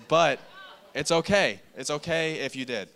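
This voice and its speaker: A preacher with a slightly high, creaky, somewhat bright voice speaks at a measured pace. He is giving a casual sermon in a church meeting room, reading scripture aloud and discussing it conversationally, with frequent repeated and restarted phrases.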